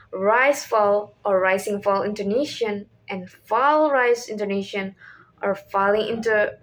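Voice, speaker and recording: A young woman whose first language is Indonesian, reading a class presentation from a script as questions and answers, with small restarts. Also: mid-range voice. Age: young adult. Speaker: student presenter.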